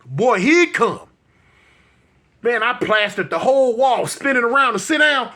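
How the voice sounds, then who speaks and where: A bright, ringing male voice telling a funny story from his own life. He is in his fifties, talks to the audience like old friends, and bursts into sound effects and exclamations as he acts out each moment. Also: very high-pitched, expressive, normal speed. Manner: addresses listeners directly, colloquial. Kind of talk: comic personal storytelling.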